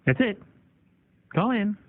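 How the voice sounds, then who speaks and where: Wisecracking radio host on a tinny line. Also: male voice, high-pitched, very animated, takes it slowly. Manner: wisecracking, teasing callers. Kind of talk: joking call-in radio banter.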